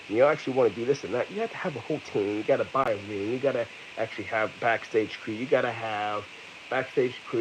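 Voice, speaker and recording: A man's voice: mid-range voice, slight background noise, rough recording. A man in his thirties from America, ranting heatedly with lots of profanity and repetition in an angry vlog. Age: 30s. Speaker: vlogger.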